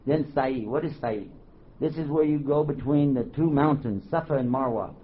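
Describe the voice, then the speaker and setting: A man giving a religious lecture to a live audience, animated, quizzing the crowd and joking. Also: mid-range voice, normal speed. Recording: dull lo-fi recording, faint hiss.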